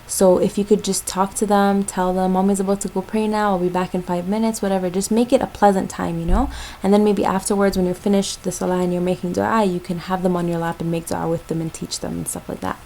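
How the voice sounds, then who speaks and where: Gravelly low-voiced young mom vlogger. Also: female voice, flat delivery, a little fast, mellow, a little hiss or hum, low-quality recording. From Jamaica. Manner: easygoing, chatty, many ums and likes. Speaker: mother giving parenting tips. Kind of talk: casual advice vlog.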